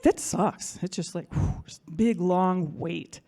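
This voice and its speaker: A woman's voice: on the low side, slow pace, warm tone. A woman telling a personal story in front of an audience, chatty and self-mocking, acting out what other people said.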